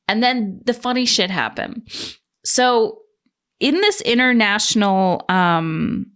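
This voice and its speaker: A woman from Canada talks through a personal story on her podcast, candid and loose, with swearing here and there. Her voice sits at a middling pitch, and she slips into quoted voices as she goes. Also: a bit bright. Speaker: podcast host. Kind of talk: casual storytelling monologue.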